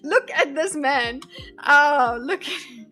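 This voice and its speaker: A woman's voice: sits high, animated, slow, pushed and bright, soft background music. A woman from Spain giving casual, chatty reaction commentary, swearing and laughing as she gets heated. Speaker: video commentator.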